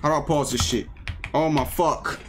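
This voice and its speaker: A man's voice: fairly high pitch, fairly even intonation, moderate pace, background noise. A young adult man streaming a horror game, reacting with profane slang and jumpy outbursts. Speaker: gaming streamer. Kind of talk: live horror game commentary.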